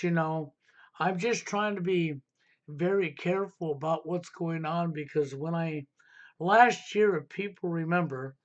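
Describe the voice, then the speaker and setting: A man's voice: a little high, highs cut off. A man hosting a live stream, ranting insistently and repeating rhetorical questions. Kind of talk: heated political talk stream.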